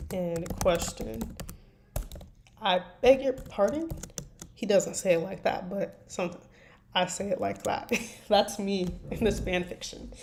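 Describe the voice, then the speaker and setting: A medium-pitched, gravelly, somewhat mellow voice carries a slight hiss or hum. The woman writes fan fiction at her computer desk, rambling casually to her stream audience and ribbing herself, while quiet keyboard typing and clicks continue in the background.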